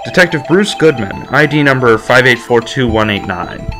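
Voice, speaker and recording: A man's voice: mid-range voice, moderate pace, pushed and bright, faint music behind. A man hosting a game playthrough, reading dialogue aloud with wry, joking commentary. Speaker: let's play host.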